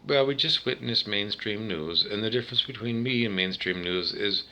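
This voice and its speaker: A man's voice: fairly low pitch, normal speed, pushed and bright. A man from Canada talking alone to camera in a rambling, digressive monologue full of tangents and restarts. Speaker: vlogger.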